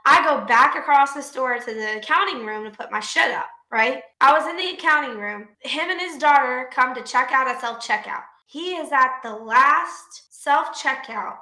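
High, bright-voiced woman telling stories. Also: moderate pace, hardly any pauses, roomy sound. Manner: profane, animated storytelling with laughs. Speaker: podcast co-host. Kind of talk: casual storytelling chat.

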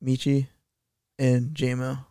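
A young man co-hosting a casual sports podcast, dropping quick one-liners. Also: medium pitch, completely flat delivery, warm tone, clear, resonant tone, dry recording, clean studio sound. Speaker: podcast co-host.

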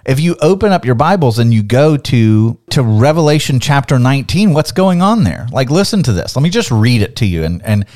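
A man in the middle of a Bible lesson on a podcast, speaking at an ordinary mid pitch. He talks emphatically, building up his points and reading scripture aloud with energy. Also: very animated, fairly quick, few pauses, a little mellow. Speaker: podcast co-host teaching the Bible. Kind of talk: animated Bible teaching.

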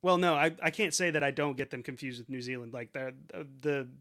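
A man's voice: mid-range voice, fairly quick, a bit bright. A man co-hosting a podcast in casual chat, rambling and swearing, often restarting his sentences. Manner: rambling, profane, restarts a lot. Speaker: podcast co-host.

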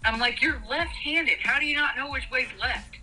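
Bright, animated woman telling a story. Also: moderate pace, faint music behind, rough recording. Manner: animated, acts out quoted voices with big pitch jumps, laughs often. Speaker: podcast co-host telling her birth story. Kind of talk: casual comedic storytelling.

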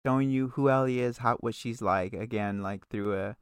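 A man co-hosting a casual chat, recapping an episode in a loose, profane way with quick asides. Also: mid-range voice, smooth, no room sound. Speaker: podcast co-host recapping a TV episode.

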